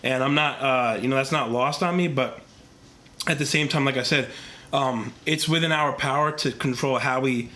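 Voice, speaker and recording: A young man talks straight into his camera, his voice stuffy and congested from a cold. He has a bright, forward tone at a middling pitch, and he speaks earnestly in loose, rambling sentences with plenty of fillers. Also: normal speed. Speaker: vlogger. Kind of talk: casual talk to camera. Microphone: camera mic, talking to camera.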